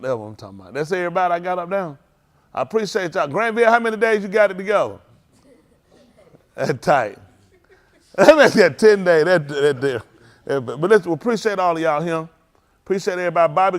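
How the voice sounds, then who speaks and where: Informal and teasing with a youth crowd, a male pastor uses a high, animated voice that jumps up into mock singing. He calls out names playfully with Southern Black vernacular phrasing, giving an informal sermon with youth check-ins in a congregation hall.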